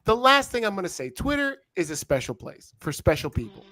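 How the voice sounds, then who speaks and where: A man co-hosting a casual wrestling podcast, telling stories in an animated, joking way. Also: high-pitched, fairly quick. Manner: animated, joking, laughing storyteller. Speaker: podcast co-host.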